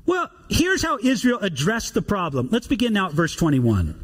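A man preaching a sermon, reading scripture aloud and explaining it in an animated way. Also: sits high, normal speed, few pauses, slightly rough. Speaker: pastor.

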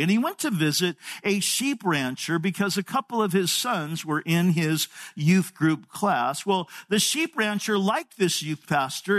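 Older male pastor, 60s, high voice, folksy sermon storyteller who repeats words. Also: fairly bright tone.

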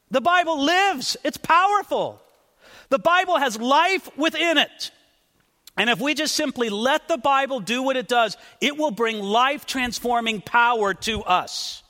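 A man preaching a sermon from a pulpit, emphatic and deliberate, stressing and repeating his key points. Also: extremely high pitch, sing-song, pushed and bright, big-room sound. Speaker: pastor.

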